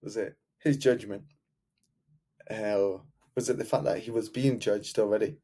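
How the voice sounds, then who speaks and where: Man, love coach, earnest motivational talk, repetitive, mellow voice. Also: on the low side, fairly even intonation, moderate pace, slight background noise.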